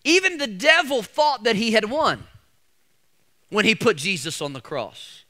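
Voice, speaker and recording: Male pastor, sermon; high, animated delivery with a sharp edge, calls out to the church. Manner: preaching with calls to the congregation; slow emphatic repetition.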